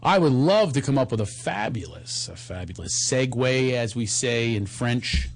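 A man's voice: mid-range voice, animated, normal speed. A middle-aged man with a Philadelphia accent hosting a casual talk show, joking his way through ad reads. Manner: playful, joking, self-mocking. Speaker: podcast host.

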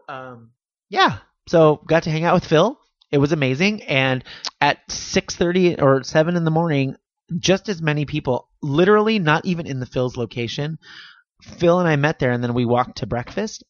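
A man's voice: on the high side, lively intonation, moderate pace, dry recording, dull audio. A man co-hosting a podcast, chatting casually and playfully, now and then swearing. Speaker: podcast co-host. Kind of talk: casual chat.

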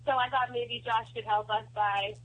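A woman's voice: fairly high pitch, fairly even intonation, moderate pace, slightly rough. A young woman from Boston calling in to a talk show, chatting with a giggle. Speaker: caller. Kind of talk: call-in chat. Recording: phone line.

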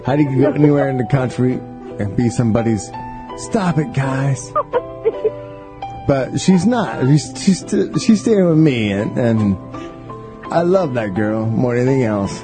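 A man's voice: mid-range voice, animated, unhurried, over music. A man hosting a radio show, joking and rambling in casual profane banter from the studio. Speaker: radio host.

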